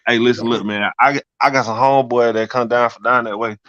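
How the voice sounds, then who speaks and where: A man's voice: medium pitch, steady tone, fairly quick, a bit bright, dry recording, muffled recording. A man from North Carolina joking with friends in crude, casual banter. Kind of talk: casual group chat.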